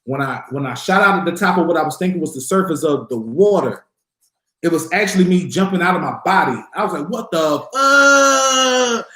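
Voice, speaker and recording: A man with a high voice hosting a casual livestream, talking in loose, profane bursts and acting out what he and others said. The sound is echoey, like a bare room. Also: fast. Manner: profane, animated storytelling with voiced quotes. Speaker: livestream host answering viewer questions.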